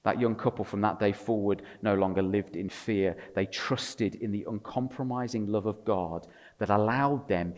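A man preaching a sermon to a congregation, swinging between loud emphatic passages and quiet, intimate storytelling with a touch of wry humor. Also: lowish voice. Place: church. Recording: long reverb of a large room.

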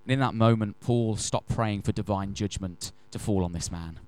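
A man preaching a sermon. He tells stories in an animated, emphatic way and slows down to stress key phrases. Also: fairly low pitch, clear, resonant tone, no echo. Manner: animated, emphatic storyteller who acts out quotes. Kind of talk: sermon with storytelling.

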